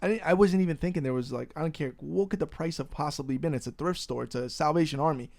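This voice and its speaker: A young man with a fairly high voice hosts a laid-back podcast. He rants with lively energy and swears without a second thought. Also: quick pace, creaky. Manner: ranting, animated, swears freely. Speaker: podcast host. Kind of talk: casual podcast chat.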